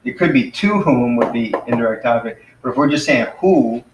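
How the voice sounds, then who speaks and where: Teacher explaining from across an echoey room. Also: male voice, medium pitch, lively intonation, dull audio, background noise. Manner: explains patiently, slows to sound out Greek words. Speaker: Greek teacher. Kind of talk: informal classroom lesson. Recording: echoey room, mic far off.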